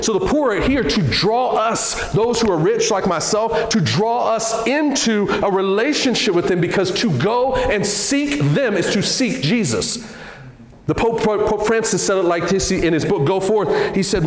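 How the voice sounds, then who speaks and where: A man speaks to a church gathering in an earnest, conversational way, his pitch swinging up and down as he talks. His voice sits a little high. The sound carries a long, roomy reverb from the hall. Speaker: guest speaker. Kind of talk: church talk. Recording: echoey hall.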